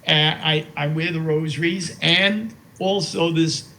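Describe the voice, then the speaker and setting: A man's voice: on the high side, steady tone, measured pace, sharp tone, slight background noise, low-quality recording. A man in his eighties, a guest in an interview, telling stories in a rambling, heartfelt way and often repeating himself with "you know". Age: 80s. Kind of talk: heartfelt conversational storytelling.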